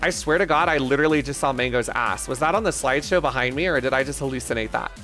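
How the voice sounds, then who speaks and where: Gravelly man chatting crudely on stream. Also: medium pitch, fast talker, pushed and bright, faint music behind. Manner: crude, joking, rambling banter with chat. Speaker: live streamer. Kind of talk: casual live-stream chat.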